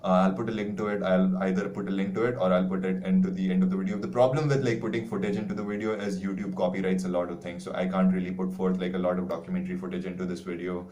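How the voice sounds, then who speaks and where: A man's voice: deep voice, level tone, fast, hardly any pauses, darkish tone, a little hiss or hum, poor audio. A man teaching an online class, talking earnestly in a rambling way with many "like" fillers. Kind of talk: online video lecture.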